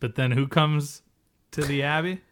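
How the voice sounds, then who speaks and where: Chatty man recapping a show, slightly high. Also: steady tone. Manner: chatty, recounts scenes with quick impressions. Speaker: podcast co-host. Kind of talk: casual recap chat.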